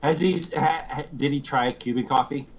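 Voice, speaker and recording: A man's voice: mid-range voice, normal speed, over music, rough recording. A man co-hosting a casual podcast, throwing in teasing jokes and asides. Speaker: podcast co-host. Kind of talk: casual chat.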